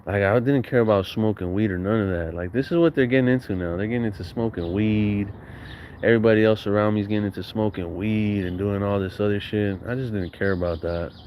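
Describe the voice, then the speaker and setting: A man's voice: lowish voice, brisk, a little mellow, a little hiss or hum. A young man telling stories from his youth in a casual, slangy, profane way, acting out what people said. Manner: slangy, profane, laughs often, acts out quotes. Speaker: storyteller recounting his youth. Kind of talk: casual storytelling monologue.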